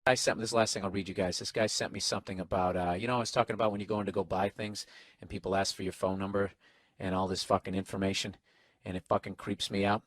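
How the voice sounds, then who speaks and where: A man's voice: low voice, flat delivery, fast, a bit bright, no echo. A man ranting sarcastically and profanely on a casual comedy podcast, recorded on a single microphone in a hotel room. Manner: profane, sarcastic, acts out quoted voices. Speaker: podcast host. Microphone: single microphone, no headphones.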